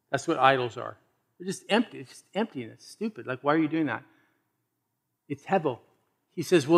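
A man preaching a sermon and reading scripture aloud, swinging between loud emphasis and hushed asides. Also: on the high side. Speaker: pastor.

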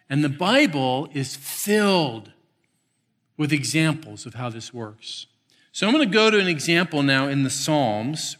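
A man preaching a sermon, swinging between hushed, slow phrases and quick, emphatic bursts. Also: a little high. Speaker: pastor.

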